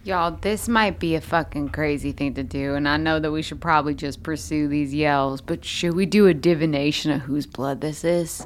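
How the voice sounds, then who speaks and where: A woman's voice: low voice, moderate pace, few pauses, a little hiss or hum. A woman playing a tabletop game, talking casually and playfully. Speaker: player. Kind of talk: casual chat.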